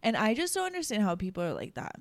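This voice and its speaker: A woman's voice: mid-range voice, huge pitch swings, fast talker, no echo. A young woman co-hosting a casual podcast, chatty and emotional, with lots of fillers. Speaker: podcast co-host. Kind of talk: casual chat.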